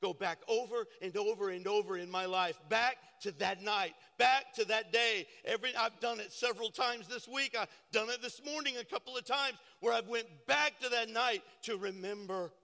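An older man and pastor preaching a sermon with passion, swinging from hushed to loud. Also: high-pitched, moderate pace, gravelly, hardly any pauses. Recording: church sanctuary reverb.

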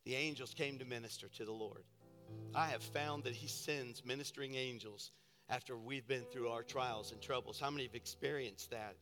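A man's voice: mid-range voice, steady tone, moderate pace, music in the background. A man preaching a sermon as pastor, telling a story with fervent delivery. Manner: storytelling, building to loud preaching; soft and intimate in storytelling, loud and fervent in exhortation.

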